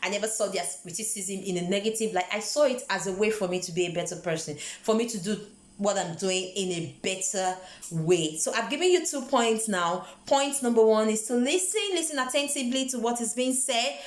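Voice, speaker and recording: A woman from Nigeria speaks with a Nigerian accent in a voice of ordinary pitch. She gives an earnest, emphatic motivational vlog about handling work, often repeating a word while she finds the next. The room around her is echoey. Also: brisk. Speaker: vlogger. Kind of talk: motivational career talk.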